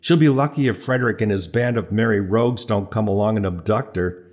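A man's voice: fairly low pitch, fairly quick, darkish tone, close to an everyday voice. A man voicing a reluctant young man who answers with sarcastic, cheeky remarks.

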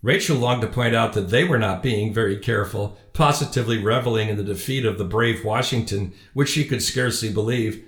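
A man narrating an audiobook in a measured, even storytelling manner. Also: fairly low pitch. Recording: roomy echo.

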